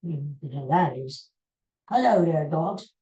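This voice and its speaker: Low-voiced woman ranting in a roomy space. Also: lively intonation, a little slow, warm tone, lo-fi sound. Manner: grumbling, indignant ranting. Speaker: podcast host. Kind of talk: solo podcast rant. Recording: roomy echo.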